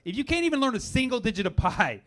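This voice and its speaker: A man doing a stand-up comedy set on a club stage, brash and shouting his punchlines, with swearing. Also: very high voice, big pitch swings, quick pace. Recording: live club recording with audience noise.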